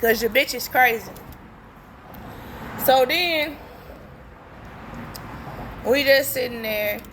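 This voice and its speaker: A woman's voice: sits high, takes it slowly, a little hiss or hum. A young woman telling a story casually, blunt and profane, acting out the dialogue as she goes. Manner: blunt, profane, animated retelling with quoted dialogue. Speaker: storytime vlogger.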